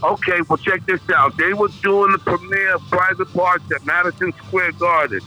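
A man guesting on a show, a loud and emphatic talker telling profane stories in a lively way. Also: high voice, moderate pace, faint music behind, rough recording. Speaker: guest artist. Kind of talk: animated storytelling.

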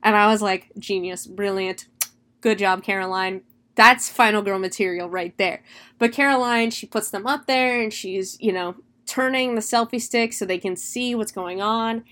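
A young woman casually recapping a horror film, chatty and animated, swearing freely. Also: fairly high pitch, moderate pace. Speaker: movie reviewer.

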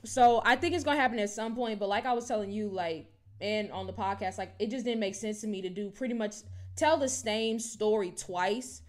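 A woman co-hosting a podcast, chatting casually and animatedly about wrestling, with lots of "like" and "low-key". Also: brisk. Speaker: podcast co-host.

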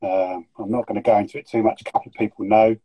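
A man's voice: lowish voice, fairly even intonation, racing, mellow, no echo, poor audio. A middle-aged man chatting as a guest, full of joking, teasing banter. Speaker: guest breeder. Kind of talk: casual chat.

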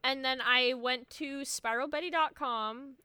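A woman co-hosting a podcast in casual chat, animated and quick to exclaim. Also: high voice, smooth, dry recording. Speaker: podcast co-host.

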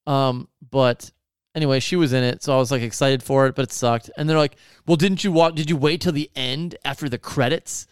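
A man's voice: medium pitch, steady tone, fairly quick, clean tone, dry recording, studio quality. A man in casual chat, telling stories in a profane, sarcastic rant. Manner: profane, ranting, sarcastic storytelling.

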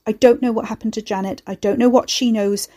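A woman's voice: a little high, steady tone, a little fast, warm tone, lightly acted. A woman voicing a guilt-ridden, anxious middle-aged man who stammers when flustered. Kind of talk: scripted narration.

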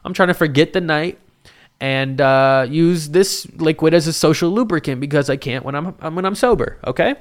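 A young man telling a bar story in casual chat, animated and full of swearing, acting out the voices of people he quotes. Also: fairly high pitch, normal speed.

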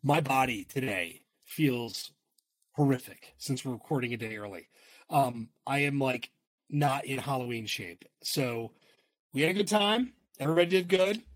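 A middle-aged man, a father and coach, co-hosting a casual podcast and talking in an excitable, rambling way with the odd swear word. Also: medium pitch, normal speed, no room sound. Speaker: podcast co-host. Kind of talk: casual chat.

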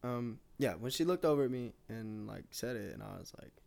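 A man's voice: mid-range voice, expressive, brisk, vocal fry, darkish tone. A young man chatting casually, laid-back and agreeable, swearing in passing while telling his own story. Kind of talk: casual chat.

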